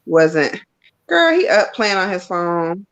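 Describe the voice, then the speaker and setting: A woman's voice: fairly low pitch, sing-song, slow, a bit bright. A woman reader on a live stream, chatting frankly and reading tarot cards with a casual, cursing manner. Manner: frank, chatty, laughs and curses freely. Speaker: psychic reader. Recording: dull lo-fi stream audio.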